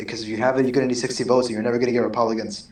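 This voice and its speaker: A man's voice: medium pitch, flat delivery, racing, darkish tone. A man co-hosting a casual podcast, talking hesitantly with lots of fillers and the odd swear word. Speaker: co-host. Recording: echoey distant mic with faint background noise.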